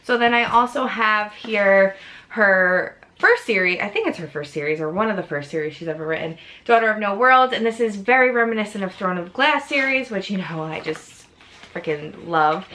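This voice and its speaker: A woman in her thirties with a New York accent chats in a casual book vlog. Her voice is bright and a little edgy, at a middle pitch for a woman. She rambles, gushes and laughs often as she talks. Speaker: book vlogger. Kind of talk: casual chat.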